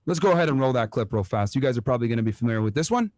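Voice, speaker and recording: A man's voice: mid-range voice, animated, rapid-fire, a little mellow, no room sound. Emphatic male commentary host, dry sound. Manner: emphatic, addresses viewers directly. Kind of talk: online commentary.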